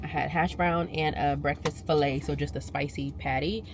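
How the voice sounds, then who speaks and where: A woman vlogging as a busy mother, telling stories in a casual, animated and exasperated way. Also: sits low, normal speed, background noise. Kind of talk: casual vlog chat.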